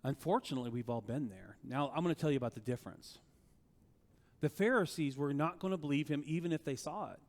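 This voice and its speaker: A male pastor preaching a sermon in a conversational, animated way, often asking rhetorical questions of the congregation. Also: fairly high pitch, fast, big-room sound.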